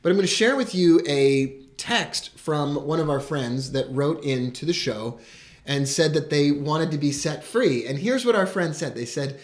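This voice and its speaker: An excitable man, hosting a live broadcast and greeting his viewers with enthusiasm. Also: a little high, measured pace. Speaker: host.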